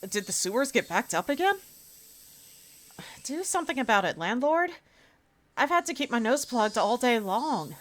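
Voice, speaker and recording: A woman's voice: a little high, big pitch swings, normal speed, long pauses, fairly bright tone, voice pushed up. A fussy, complaining village housewife, as a woman streamer puts her on while reading a visual novel aloud. Her voice sits a little above the reader's own, pushed and nagging. A faint hum of background noise runs under it. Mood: annoyed. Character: chatty grumbling village housewife.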